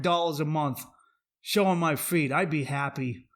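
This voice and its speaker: A man hosting a comedy podcast, ranting in a brash, profane and animated way and swearing freely. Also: on the high side, a little slow. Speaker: podcast host.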